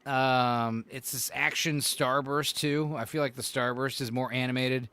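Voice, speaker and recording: A man's voice: mid-range voice, fairly even intonation, a little slow, bright, forceful tone, smooth. A man co-hosting a casual podcast chat, rambling and swearing, full of "like" and "you know". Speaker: podcast co-host.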